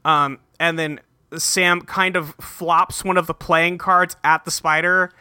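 Bright, dry-sounding joking man. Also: a little high, little pitch movement, takes it slowly, smooth, no room sound. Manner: profane, joking, rambling with fillers. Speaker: podcast co-host. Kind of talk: casual episode recap chat.

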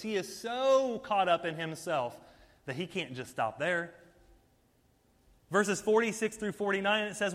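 A man's voice: high voice, bright, forceful tone, long reverb tail. A man preaching a sermon, retelling a story with playful asides. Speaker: pastor.

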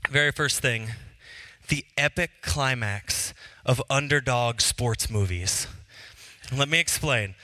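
A man's voice: medium pitch, takes it slowly, pushed and bright, no room sound. A married Christian man talking casually and earnestly about what moves him, with many fillers and restarts. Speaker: Christian speaker. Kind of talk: casual personal talk.

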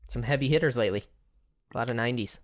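A woman's voice: extremely low pitch, rapid-fire. A woman co-hosting a casual movie podcast, laid-back, reading out film facts and asking questions. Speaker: podcast co-host. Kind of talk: casual movie-review chat.

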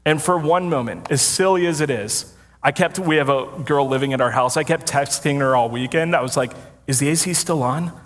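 A man's voice: medium pitch, brisk, fairly bright tone, a little hiss or hum. A man preaching a sermon as a pastor, telling a story in a casual, self-deprecating way and laughing often. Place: church sanctuary with congregation. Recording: long hall reverb.

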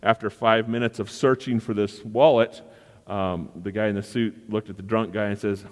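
Male pastor, sermon, lowish voice, earnest, repeats phrases, long reverb of a hall. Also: steady tone, moderate pace.

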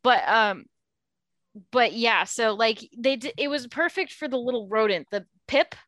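Bright, enthusiastic woman in a dry room. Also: a little high, a little slow, no room sound. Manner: enthusiastic, opinionated. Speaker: podcast co-host. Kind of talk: casual film discussion.

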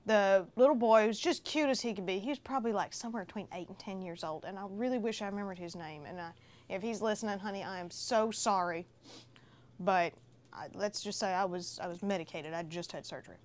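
A woman guest on a casual podcast, telling a story in a warm, animated way. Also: medium pitch, fairly quick. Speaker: film festival organizer guest.

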